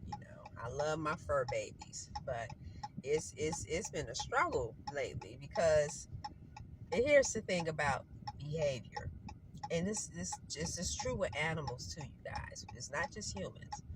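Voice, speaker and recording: A woman's voice: sits low, sing-song, measured pace. A woman vlogger with a stuffy nose from a cold, chatting casually and rambling to her viewers while out on errands. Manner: rambling, chatty, self-correcting. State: congested with a cold. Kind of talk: casual chat to camera. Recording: noisy vehicle background.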